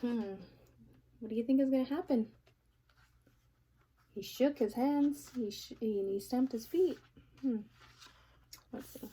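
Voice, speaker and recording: A woman reading a picture book aloud, pausing to ask the listener questions. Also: fairly high pitch, warm tone, slightly rough. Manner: asks the listener questions, playful. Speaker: reader.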